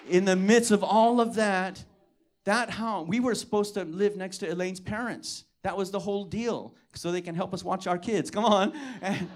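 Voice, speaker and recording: Man, pastor, sermon, slightly high voice, storytelling, exhorting, acts out dialogue. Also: normal speed. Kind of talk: sermon with personal testimony.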